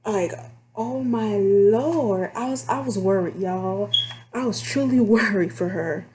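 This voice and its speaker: A young woman from Texas with a Texan accent, candidly telling stories about her call center job in a casual, animated, drawling way. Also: mid-range voice, moderate pace, noisy background. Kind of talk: casual storytime vlog.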